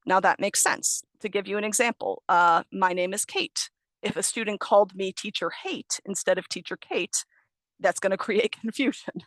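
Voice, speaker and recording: A woman's voice: medium pitch, moderate pace, fairly bright tone, no echo. Woman, young adult, ESL trainer, explanatory, self-correcting, dry recording. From United States. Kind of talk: online teacher training presentation. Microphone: video call.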